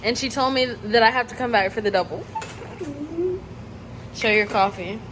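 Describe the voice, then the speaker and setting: A vlogger in her twenties speaks at normal speed in a medium-pitched voice, with noise in the background. She chats casually to her camera, sprinkling "like" throughout.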